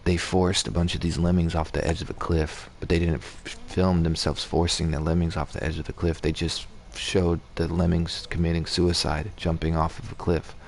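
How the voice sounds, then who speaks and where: A man's voice: low voice, flat delivery, moderate pace, vocal fry, few pauses, a little hiss or hum. A man streaming a game, chatting casually and rambling, with swearing and restarts. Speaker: gaming streamer. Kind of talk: casual gaming chat.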